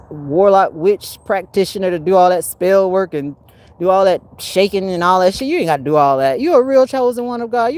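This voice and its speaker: A woman hosting her own livestream, talking casually and preachily about spiritual warfare, laughing often and swinging from loud bursts down to low mutters. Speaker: livestream host.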